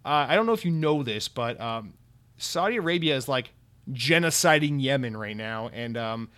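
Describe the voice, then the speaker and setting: A man's voice: medium pitch, lively intonation, moderate pace, a bit bright. A young man from the United States hosting a podcast, ranting in a heated, sarcastic and profane way. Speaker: podcast host. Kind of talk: opinionated podcast rant.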